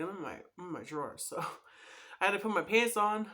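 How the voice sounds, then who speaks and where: A woman's voice: lowish voice, lively intonation, fast, fairly bright tone. A woman vlogger telling a personal story to camera in a rambling way, full of "like" and "you know".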